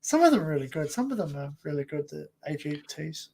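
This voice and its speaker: A man's voice: a little high, very animated, fast, vocal fry, mellow. A man co-hosting a casual live-stream chat, rambling through stories with stumbling restarts. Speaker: co-host.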